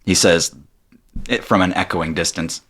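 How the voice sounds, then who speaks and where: A man narrating a tabletop game as game master, animated and laughing through the story. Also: sits low, measured pace.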